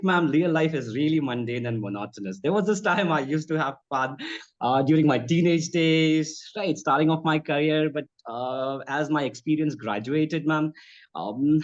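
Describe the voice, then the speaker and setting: A man, a spoken trainer answering interview questions in an expressive way. He laughs often and keeps saying ma'am. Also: on the high side, highs cut off.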